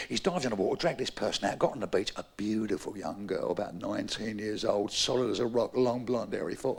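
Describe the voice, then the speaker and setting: A middle-aged man telling stand-up jokes on a live stage, rowdy and shouting out sound-effect punchlines. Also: on the low side, a little fast, creaky, hardly any pauses, slight background noise. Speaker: stand-up comedian. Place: live stage before an audience.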